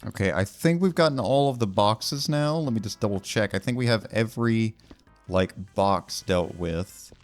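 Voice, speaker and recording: Gamer man, lowish voice, loose rambling let's play patter. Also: moderate pace, soft background music. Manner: rambling, joking, lots of fillers and voice bits. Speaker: gaming YouTuber.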